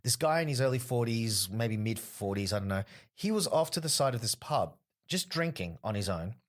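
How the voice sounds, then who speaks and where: An Australian man in his thirties, talking through a casual podcast chat. He tells stories with energy and jumps into the voices of the people he quotes. His pitch sits in the middle range for a man. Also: normal speed. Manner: animated storyteller who acts out quoted people. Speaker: podcast guest, comedian.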